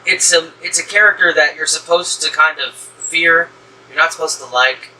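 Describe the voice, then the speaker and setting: A man's voice: on the high side, moderate pace, pushed and bright. A man from the American South hosting a casual movie review chat, rambling with lots of fillers and restarts. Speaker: horror movie reviewer, host. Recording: distant mic with faint room hum.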